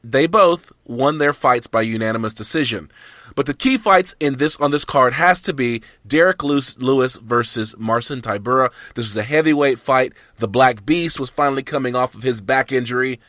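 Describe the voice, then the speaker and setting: A man's voice: medium pitch, normal speed, a bit bright, dry recording, studio quality. A man hosting a podcast, from Southeast Texas with a faint Texan accent, chatting casually and restarting his sentences. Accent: Texan, mostly faded. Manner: restarts often, easygoing banter. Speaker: podcast host.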